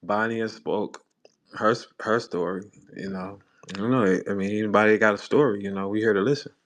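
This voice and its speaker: Laid-back man hosting, halting speech. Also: on the low side, steady tone. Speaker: host. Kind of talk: casual chat.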